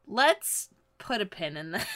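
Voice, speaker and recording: A woman's voice: medium pitch, wildly swooping pitch, slow pace, fairly bright tone, no room sound, studio quality. A woman co-hosting a casual brainstorming chat, easygoing and giggly, thinking aloud with many fillers.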